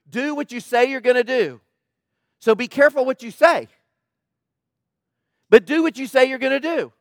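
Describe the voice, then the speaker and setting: A middle-aged man preaching with an unusually high voice, pressing each point home and asking the congregation to say it back. The sound is dry and close, with no room echo. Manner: emphatic, repeats key points and asks the audience to respond. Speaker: pastor. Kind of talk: sermon.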